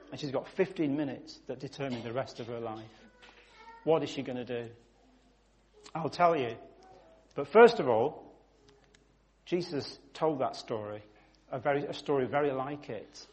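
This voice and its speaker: A man, preaching a sermon through vivid, emphatic storytelling that rises suddenly in volume. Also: fairly high pitch.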